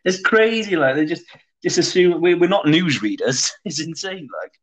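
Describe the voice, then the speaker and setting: A man's voice: a little high, expressive, moderate pace, fairly bright tone, rough recording. A Welsh man, a comedian guest, telling rambling anecdotes in casual podcast chat with frequent restarts. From Wales.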